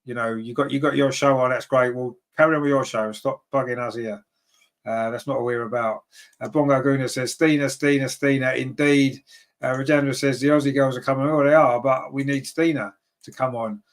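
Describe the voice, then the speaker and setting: With a steady, brisk tone, this channel host and fan commentator calls a live football match during a watchalong while reading viewer comments. Taking sides openly, he complains about team choices, and when a chance develops his voice leaps in pitch and loudness.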